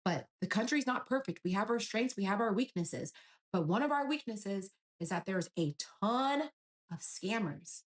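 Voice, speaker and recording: A woman's voice: mid-range voice, lively intonation, normal speed. A young woman from Nigeria earnestly recounting a personal story, full of quoted dialogue.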